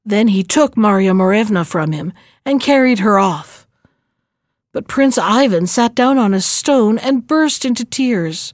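A woman reading a fairy tale aloud in a slow, measured narrating voice. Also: medium pitch, expressive, no room sound, studio quality. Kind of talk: storybook reading.

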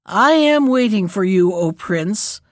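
A woman's voice: medium pitch, expressive, slow pace, dry recording, clean studio sound. A woman voicing a weary male dragon who gasps and pleads in a storybook reading. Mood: challenging. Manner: gasping, pleading.

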